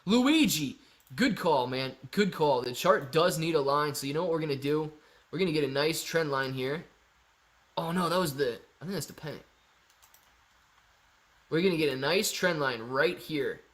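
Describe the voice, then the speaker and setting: A man with a fairly high speaking voice hosts a casual live stream. He reads out viewers' comments, calls them "man" and "dude", and patiently walks through his answers. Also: animated, moderate pace, long pauses, fairly bright tone. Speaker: live-stream host answering chat questions.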